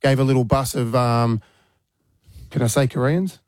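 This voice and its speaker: A man hosting a radio show, telling a lively story and acting out quotes with punchy sound words. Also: mid-range voice, moderate pace, no room sound. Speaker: radio host. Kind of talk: casual storytelling chat.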